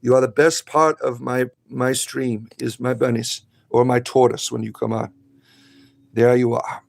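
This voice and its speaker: Brief: man with a gravelly, mid-pitched voice, chatty stream host, blunt and joking. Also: flat delivery, a little slow. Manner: rambling, blunt and jokey, coos at his pets. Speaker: spiritual comedy streamer. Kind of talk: casual livestream chat.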